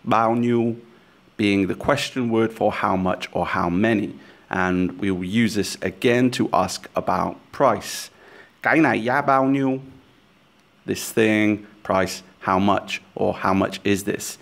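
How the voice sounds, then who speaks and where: Calm and following a script, a man whose voice is somewhat low walks listeners through a language lesson. Every point gets a slow, clear explanation, and he sounds out each foreign phrase with care.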